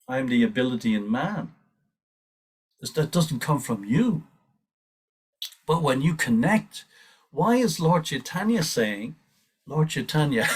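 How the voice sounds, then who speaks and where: A man leading a devotional scripture class, speaking earnestly and urgently, often restarting his sentences and laughing softly. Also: mid-range voice, husky, recorded from a distance. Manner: earnest, urging, with frequent restarts and small laughs. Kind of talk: reflective scripture class talk.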